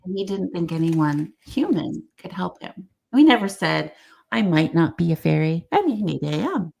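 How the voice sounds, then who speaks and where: A middle-aged woman with a low, gravelly voice tells a story to a podcast host. She acts out the voices of the people she quotes with lively animation. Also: normal speed. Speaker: guest. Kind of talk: storytelling in conversation.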